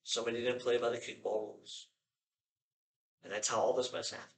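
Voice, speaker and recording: A man's voice: mid-range voice, fairly even intonation, fairly quick, low-quality recording. A man preaching a sermon in a conversational way, often checking in with his listeners and acting out prayers in a raised, pleading voice. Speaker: pastor.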